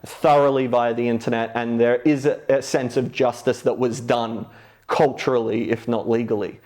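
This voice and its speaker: A man co-hosting a podcast, discussing a film in casual chat, speaking in a measured way with frequent restarts. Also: mid-range voice, steady tone, a little mellow. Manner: measured, hesitant, many restarts and fillers. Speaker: podcast co-host.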